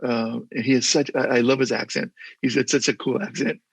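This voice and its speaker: A man's voice: mid-range voice, steady tone, a little fast, creaky, slightly rough, no echo. An older man and former mayor, a guest telling stories in a casual interview, earnest and rambling with many restarts, heard over a video call.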